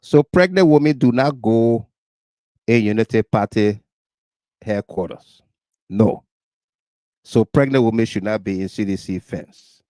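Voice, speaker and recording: A Liberian man narrates over video footage in an urgent, indignant tone, repeating his points for weight. His delivery is slow and deliberate, and the recording sounds close and dry. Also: fairly low pitch, warm tone, no room sound. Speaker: host commenting on video clips. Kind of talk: talk-show commentary.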